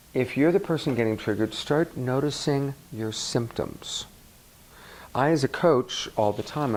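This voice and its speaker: A man's voice: mid-range voice, low-quality recording. A male relationship coach giving a workshop talk to a live audience, asking the room questions and acting out examples. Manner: animated, asks the audience questions, acts out examples.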